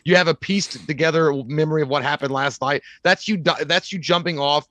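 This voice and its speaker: Brief: man, co-host, a bit higher pitch, dry close mic, riffs and jokes. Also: fairly quick, fairly bright tone, no echo. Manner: joking, riffing, profane. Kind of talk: casual chat.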